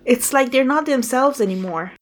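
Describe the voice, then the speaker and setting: A woman voicing a cautious middle-aged fisherman father steering a boat, speaking hesitantly with many pauses. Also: very high voice, pitched above the performer's own voice. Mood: cautionary. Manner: hesitant, full of pauses, warning tone.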